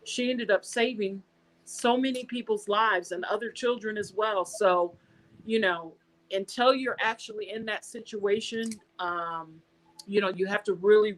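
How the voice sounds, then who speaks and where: An American woman being interviewed, telling a personal story in a casual, animated way and acting out the dialogue she quotes. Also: medium pitch, poor audio. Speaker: guest.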